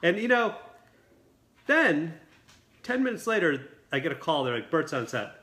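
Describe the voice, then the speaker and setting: Dude telling a wild set story fast and lively, bright sharp voice. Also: male voice, on the high side. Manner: quick, lively storytelling with acted quotes. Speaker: film director, guest. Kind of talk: animated anecdote telling. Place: dinner party table.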